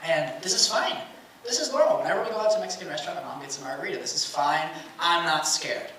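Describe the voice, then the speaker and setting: A young man doing stand-up tells a family story, acting out his parents' lines as the audience laughs. He talks fast in a voice on the high side, and the recording sounds distant and roomy, with loud noise in the live space.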